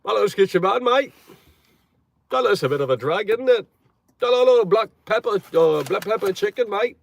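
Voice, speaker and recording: A man's voice: high-pitched, expressive, normal speed, vocal fry, a little hiss or hum, voice pushed up. A man putting on a mock British bloke. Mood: mock-cheery. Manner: sing-song, greets everything with "hello, mate". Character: exaggerated mock British bloke, cheery and loud.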